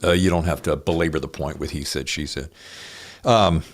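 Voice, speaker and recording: A man with a very low, deep voice hosts an interview show. He speaks in a measured, deliberate way and often pauses on fillers as he thinks. He sounds like an experienced audiobook narrator. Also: steady tone. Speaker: podcast host. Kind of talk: conversational interview.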